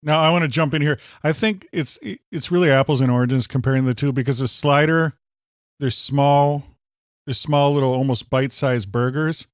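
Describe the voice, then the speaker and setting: A man chatting on a podcast, hamming up a burger tasting with playful exaggeration. He has a middle-pitched voice, and the sound is dry and close with no reverb. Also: fairly even intonation, moderate pace. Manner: playful, hyperbolic, jumps in to interject. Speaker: podcast co-host. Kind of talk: casual food review chat.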